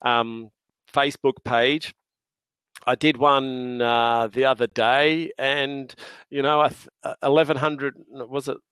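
A man's voice: medium pitch, steady tone, slow, a bit bright, clear, resonant tone, no echo. Jovial Australian man telling stories. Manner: jovial, laughing storyteller with slang. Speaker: podcast guest. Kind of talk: casual chat.

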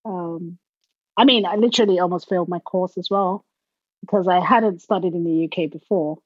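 A woman who grew up in Nigeria talks casually as a podcast guest, her accent leaning British. She tells stories with animated bursts and acts out quoted voices. The sound is dry, close and slightly muffled. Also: fairly low pitch, normal speed, breathy edge, dry recording. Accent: British English with a Nigerian background. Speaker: interview guest. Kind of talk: casual conversational interview.

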